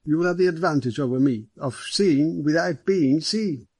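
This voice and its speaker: A man's voice: on the high side, normal speed, darkish tone, breathy edge, dry recording, voice pushed up. A man voicing a large, genial, middle-aged police superintendent who talks in a hearty, courteous way, in an audiobook.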